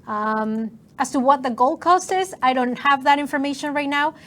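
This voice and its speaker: A woman's voice: high voice, moderate pace, fairly bright tone, a little hiss or hum. A woman co-hosting a game stream in casual, upbeat chat.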